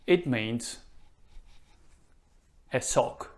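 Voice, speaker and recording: A man teaching a reading lesson, pronouncing each word slowly and leaving gaps for the listener to repeat. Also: a little high, expressive. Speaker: Russian language teacher. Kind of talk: slow, careful language lesson.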